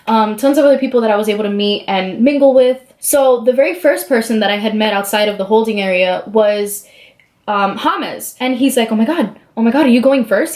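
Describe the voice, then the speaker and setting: A chatty young woman with a fairly high voice tells a story at home as she does her makeup. She talks casually, fills her sentences with "like", and jumps up in pitch whenever she acts out what other people said. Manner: chatty, lots of "like", animated quoting of others. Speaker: beauty vlogger.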